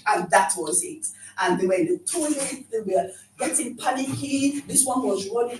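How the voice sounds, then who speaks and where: A woman's voice: a little high, moderate pace. A woman passionately telling a personal story in a group discussion. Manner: emphatic, passionate. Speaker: speaker at a community event. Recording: echoey room, distant mic, noisy.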